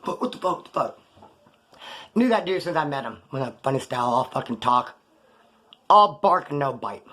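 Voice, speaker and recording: A man's voice: mid-range voice, expressive, normal speed, bright, forceful tone. A middle-aged man telling rambling prison stories in casual, profane street slang. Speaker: storyteller recounting prison life. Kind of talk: casual monologue.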